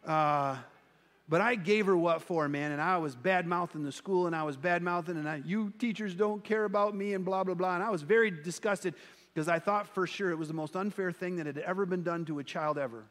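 Brief: male pastor with a high voice, chatty and self-mocking, delivering a sermon in a hall with long reverb. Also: a little fast, fairly bright tone. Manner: conversational and self-deprecating storytelling.

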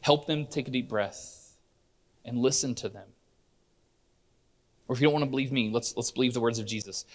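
A man's voice: mid-range voice, moderate pace, long pauses. A middle-aged man preaching a sermon in church, earnest and conversational, often restarting his sentences. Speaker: pastor.

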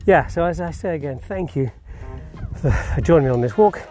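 A man's voice: a little high, expressive, fairly quick, mellow, soft background music. A man hosting his own podcast while hiking outdoors, a little out of breath, rambling with many fillers and restarts. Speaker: podcast host. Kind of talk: casual walking vlog. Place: outdoors on a hillside hiking path.

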